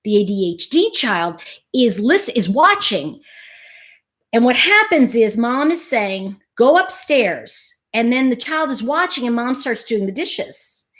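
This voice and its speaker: A woman's voice: a little high, sing-song, measured pace, a bit bright. A woman hosting a casual explanatory monologue, talking animatedly and explaining things through acted-out everyday scenarios. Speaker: host.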